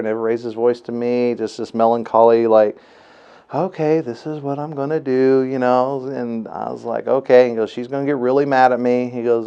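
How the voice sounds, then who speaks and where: A dad telling his own story, smooth voice. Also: on the low side, a little mellow. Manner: rambling, many fillers, retells others' words. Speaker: father giving a testimonial. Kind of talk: casual personal storytelling.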